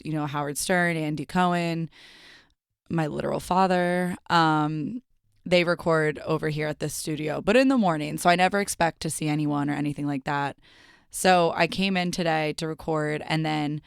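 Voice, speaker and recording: Brief: young woman, solo podcast host, smooth and dry, swears freely, rambling stories. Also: sits low, dry recording. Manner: chatty, profane, storytelling with asides. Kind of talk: casual solo podcast monologue. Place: radio studio.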